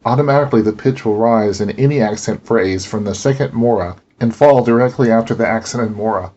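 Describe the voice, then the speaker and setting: A man teaching a language lesson, explaining pronunciation slowly and deliberately. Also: fairly low pitch, darkish tone, muffled recording. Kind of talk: instructional narration.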